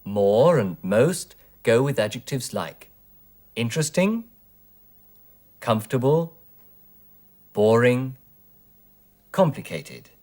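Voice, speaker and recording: A man teaching English in a scripted 1980s television lesson, speaking clearly and deliberately through word drills. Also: medium pitch, lively intonation, a little mellow. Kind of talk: slow, scripted language lesson. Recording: 1980s educational television recording.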